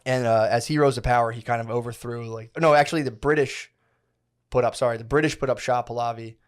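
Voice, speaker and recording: Young male podcast co-host, mid-pitched voice, casual and profane, loose storyteller full of fillers. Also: fairly even intonation, quick pace. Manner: rambling, profane, slangy storytelling with many fillers.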